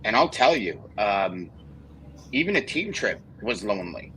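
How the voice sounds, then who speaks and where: A man hosting a podcast, telling a story casually and getting animated and swearing when worked up. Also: lowish voice, measured pace, a little hiss or hum, low-quality recording. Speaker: podcast host.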